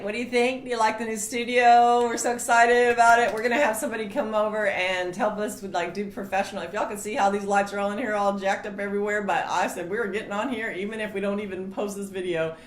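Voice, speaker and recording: Chatty woman in an echoey room. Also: medium pitch. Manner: chatty storyteller, animated quoting voices. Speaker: co-host of marriage ministry videos. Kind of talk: casual chat. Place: home studio room. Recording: roomy echo, faint hiss.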